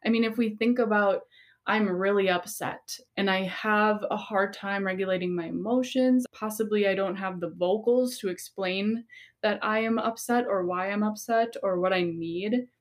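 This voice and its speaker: A woman's voice: medium pitch, normal speed. Woman explaining things earnestly on a podcast. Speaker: podcast co-host. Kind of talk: casual podcast discussion.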